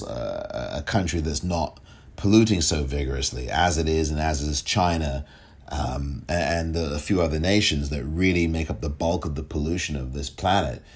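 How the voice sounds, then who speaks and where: A very deep, breathy-edged male voice hosts a solo podcast of commentary. He fires off emphatic rhetorical questions and occasionally stumbles over his words.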